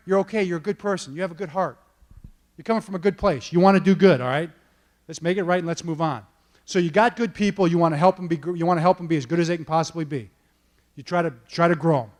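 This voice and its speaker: A man, a football coach, giving a motivational storytelling talk to an audience, keeping listeners with him with frequent "okay?" and "all right?" check-ins. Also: on the high side. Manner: animated, punctuates points with "okay?" and "all right?". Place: event stage before an audience.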